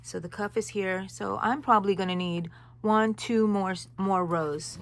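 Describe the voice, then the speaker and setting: Gravelly-voiced lady doing a crochet how-to, rambly and chatty, talks right to the viewer. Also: mid-range voice, steady tone, moderate pace. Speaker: crochet tutorial host. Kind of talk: casual step-by-step tutorial chat.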